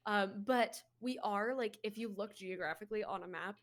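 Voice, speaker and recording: A woman's voice: medium pitch, moderate pace. An American woman chatting casually on a game stream, rambling with lots of fillers and restarts. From United States. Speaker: co-streamer guest.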